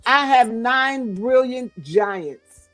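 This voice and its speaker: A woman's voice: on the high side, drawn-out words, fairly bright tone, dry recording, faint music behind. A middle-aged woman, a guest author, speaking to mothers in a fervent, repetitive, preaching style.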